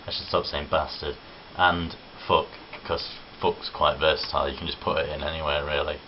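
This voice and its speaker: A young man with an extremely deep, low voice chats cheerfully to his camera, answering questions and swearing freely. The sound is dull and lo-fi, with a faint hiss under it. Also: level tone, normal speed. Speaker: vlogger. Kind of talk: casual chat answering questions. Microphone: camera on tripod.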